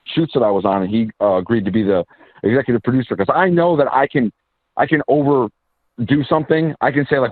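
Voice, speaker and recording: A man, an independent filmmaker and actor, telling stories in a casual interview with quick asides and restarts. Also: medium pitch, lively intonation, dry recording. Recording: tinny phone-line sound.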